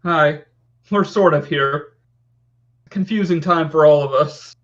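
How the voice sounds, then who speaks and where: A man co-hosting a live stream, joining in with playful, quick banter. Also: on the high side, fairly bright tone, dull audio. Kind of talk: casual live-stream chat.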